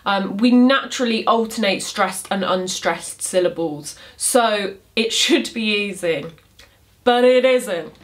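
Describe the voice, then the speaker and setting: A woman's voice: medium pitch, a little slow, few pauses. A young woman in her twenties teaching poetry in a casual video lesson, chatty, with many ums and self-deprecating asides.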